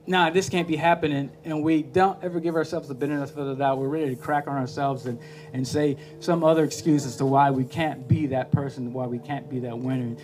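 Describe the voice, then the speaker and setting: A man hosting a podcast, telling a motivational story in a lively, animated way and acting out the voices. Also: mid-range voice, a little fast, soft background music. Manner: animated, acts out voices, laughs at his own story. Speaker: podcast host.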